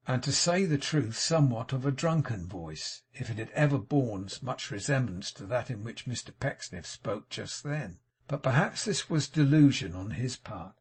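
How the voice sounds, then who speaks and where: A man narrating a classic novel as an audiobook in a measured, even reading. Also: medium pitch, breathy edge. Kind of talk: scripted narration.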